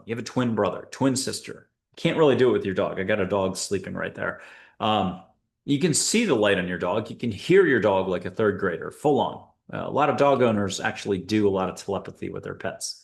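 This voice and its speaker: A man hosting a spiritual show, guiding listeners through an exercise in a playful, upbeat, joking way with quick asides. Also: lowish voice, vocal fry. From United States. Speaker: host and angel intuitive. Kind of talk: guided spiritual talk to listeners.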